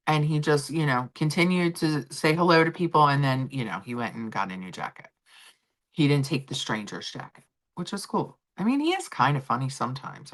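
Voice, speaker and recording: Woman, middle-aged, livestream host, casual chatty gossip, opinionated, low voice. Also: a bit bright. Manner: chatty, opinionated, many fillers and restarts. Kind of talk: casual chat about royal gossip.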